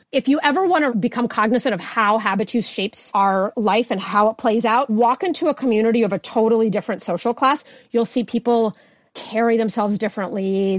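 A woman sociologist explaining her research concepts as a guest on a podcast, in a clear lecture-like way. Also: a little high, dry recording. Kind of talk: podcast interview answers.

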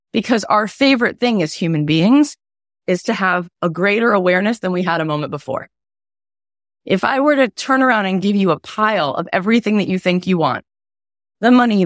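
A woman coach teaching an online workshop in a chatty, animated way, her voice raspy from a cold. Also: mid-range voice, no room sound, clean studio sound. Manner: animated, chatty, lots of "right?". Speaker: wealth coach.

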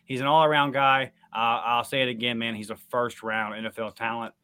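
A man's voice: mid-range voice, level tone, brisk, pushed and bright, clean tone. A man co-hosting a sports recap podcast, talking casually and getting fired up into emphatic rants. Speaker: podcast co-host.

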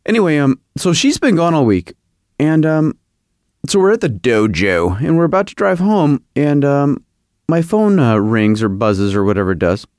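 A man's voice: on the high side, big pitch swings, normal speed, darkish tone, dry recording, clean studio sound. Rambling, self-mocking middle-aged man. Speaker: podcast host. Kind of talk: comedic podcast monologue.

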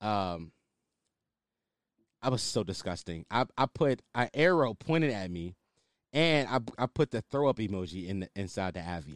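Animated young man ranting casually. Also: mid-range voice, moderate pace, dry recording, studio quality. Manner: animated, ranting, swears freely. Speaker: podcast host. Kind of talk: casual solo commentary.

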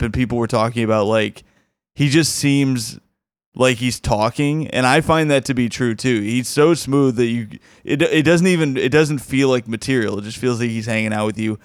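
This podcast host, a man, hosts a comedy show and offers casual commentary, chatting with enthusiasm and restarting his sentences often. His mid-range voice moves at a normal speed and sounds clear and resonant, recorded in a clean studio with no room sound.

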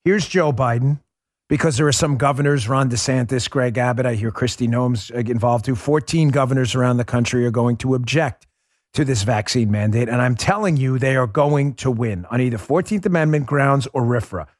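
A man from New York City hosting a podcast, delivering a heated, sarcastic political monologue that rises into shouts. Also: mid-range voice, fairly quick, no room sound, studio quality. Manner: combative, sarcastic, rising to shouts. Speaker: podcast host.

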